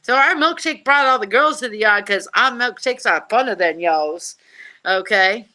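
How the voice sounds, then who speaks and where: This is a psychic show host on a live stream, her voice medium in pitch and her pace moderate. Loose and casual, she's hyped and joking as she reads out viewer comments.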